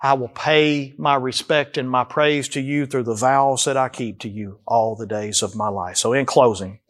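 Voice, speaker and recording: A male pastor preaching a sermon, speaking his prayers aloud with emphatic rises and slow drawn-out phrases. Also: mid-range voice, fairly even intonation.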